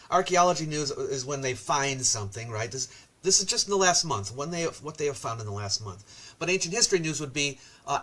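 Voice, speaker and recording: A man with a mid-range, slightly bright voice hosts a casual livestream about ancient history, where he serves as lecturer. He chats loosely with viewers and reads their comments aloud, with frequent ums and uhs.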